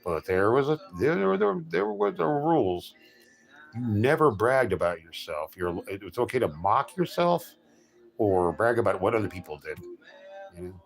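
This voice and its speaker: Soft music plays behind a middle-aged man whose lowish voice swings widely in pitch at a moderate pace. Chatting casually as a streamer, he tells jokey, rambling stories with lots of restarts and self-corrections.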